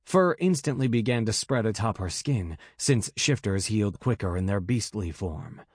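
A man narrating an audiobook in a measured, dramatic way on a close mic. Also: fairly low pitch, lively intonation, darkish tone, breathy edge, dry recording.

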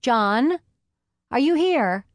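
A woman voicing a cheerful young farm wife who talks brightly and with a flourish. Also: sits high, expressive, drawn-out words, no echo, voice pushed up, heavily acted.

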